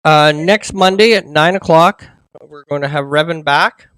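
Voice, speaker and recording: A man with a Canadian accent hosting a casual history chat, explaining details in a relaxed way. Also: a little high, unhurried, clear, resonant tone, dry recording. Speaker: show host.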